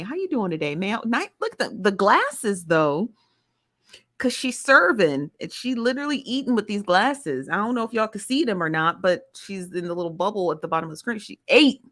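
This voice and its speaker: A woman's voice: medium pitch, fairly bright tone. A woman hosting a live stream, chatting casually and playfully while greeting viewers by name.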